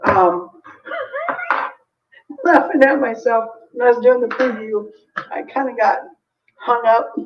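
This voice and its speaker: A chatty woman on a live-stream sale, her voice sitting a touch high. She rambles through her pieces with lots of ums, heard slightly off-mic through a dull, muffled recording. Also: recorded from a distance. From United States. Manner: chatty, warm toward viewers, frequent ums and laughs. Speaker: jewelry seller hosting a live sale. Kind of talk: casual live-stream selling chat.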